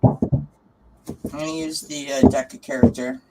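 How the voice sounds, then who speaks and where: A woman's voice: medium pitch, sing-song, unhurried, vocal fry, heavy background noise. Bubbly woman hosting a live tarot stream. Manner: chatty, bubbly, laughs often, coos to her cat. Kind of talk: casual live-stream chat.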